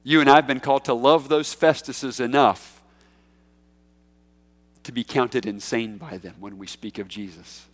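A man preaching a sermon in a conversational, emphatic way, with big swings in pitch and loudness. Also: steady tone, a little slow, pauses often. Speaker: pastor. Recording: echoey hall.

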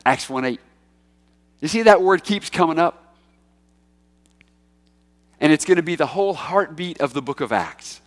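A man preaching an expository sermon, emphatic, rising to loud peaks when he quotes scripture. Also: a little high, expressive, measured pace, long pauses, big-room sound. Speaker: pastor.

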